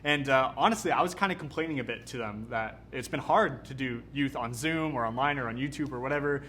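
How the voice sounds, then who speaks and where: A young man from Canada, a youth pastor giving an energetic, conversational sermon. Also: mid-range voice, a little fast, slight background noise. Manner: energetic, casual, conversational preaching.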